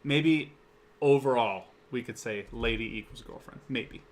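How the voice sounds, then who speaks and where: A young man co-hosting a casual talk show, rambling and swearing as he pitches ideas. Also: slight background noise. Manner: rambling, profane, quick-talking. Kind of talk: casual chat.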